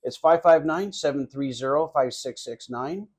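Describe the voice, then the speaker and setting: A man's voice: on the high side, normal speed. Rambling man chatting about baking. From California. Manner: rambling, lots of fillers and restarts. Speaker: guest, cookie business owner. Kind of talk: casual interview chat.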